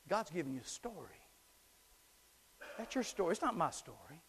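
A man preaching a sermon, swinging from shouting to hushed tones. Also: on the high side, big pitch swings, moderate pace, pauses often, husky, long reverb tail. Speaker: pastor. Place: church sanctuary.

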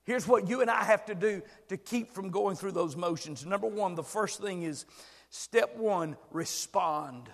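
An older man preaching a sermon with passion, swinging from hushed words to shouts. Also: high voice, moderate pace, creaky, in a large hall.

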